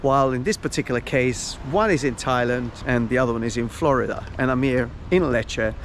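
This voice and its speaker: Guy vlogging a house tour, keen and chatty, mid pitch, a little background noise. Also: a little fast. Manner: enthusiastic, explaining as he walks. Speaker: property consultant vlogger. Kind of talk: walking property tour vlog.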